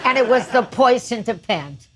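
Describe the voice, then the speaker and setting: A woman's voice: a little high, measured pace, slight background noise, poor audio. Chatty woman in her eighties telling stories. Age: 80s. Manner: chatty, lively, laughs through stories. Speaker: guest singer. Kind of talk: anecdotal storytelling.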